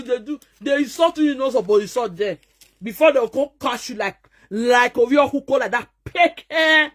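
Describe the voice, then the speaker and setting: A woman's voice: a little high, expressive, moderate pace. A woman from Nigeria with a Nigerian Pidgin English accent, a social media vlogger delivering a mocking, scolding rant to her viewers.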